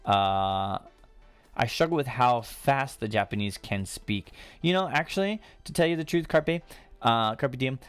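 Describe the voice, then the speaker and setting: A man's voice: medium pitch, unhurried, clear, resonant tone, faint music behind. A man, hosting a casual live-stream Q&A and rambling with lots of fillers. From United States. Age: 30s. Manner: rambling, chatty, many fillers and restarts.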